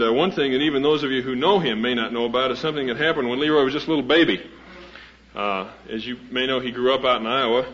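On a muffled, dull old recording, a male host with a medium-pitched, slightly bright voice introduces a speaker to a live audience. His folksy, meandering intro includes a funny story, full of fillers and restarts.

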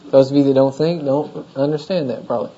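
Mellow-voiced man preaching a conversational sermon. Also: medium pitch, fairly even intonation, fast, slight background noise. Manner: conversational, asks the congregation questions. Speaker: pastor. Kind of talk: expository sermon. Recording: dull lo-fi sermon recording.

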